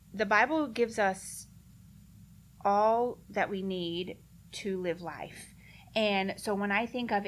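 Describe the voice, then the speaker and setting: Woman at a church conference Q&A, earnest and direct, mid-pitched, easy laugh. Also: fairly bright tone, a little hiss or hum. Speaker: conference speaker answering questions. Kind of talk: casual Q&A talk.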